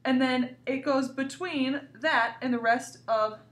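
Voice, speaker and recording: In an echoey room, far from the microphone, an elementary school teacher talks directly to young children during a recorded remote grammar lesson. She sounds cheerful and encouraging, with a high, fairly bright voice and a slow pace.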